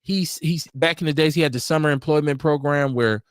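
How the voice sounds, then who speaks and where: A man's voice: fairly high pitch, fairly quick, clean tone, no echo. A man hosting a live online talk show, speaking bluntly and casually with lots of slang and animation. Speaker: host. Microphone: video call.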